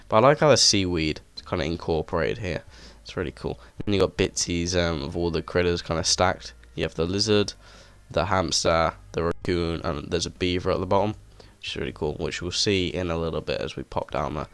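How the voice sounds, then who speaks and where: A man's voice: low voice, a bit bright, smooth, dry recording. A man giving a rambling, enthusiastic walkthrough of a game, full of "um"s and "like"s, recorded on a desk microphone. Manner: rambling, enthusiastic, many fillers. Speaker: gaming video creator. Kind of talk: casual game walkthrough commentary. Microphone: desk microphone with headset.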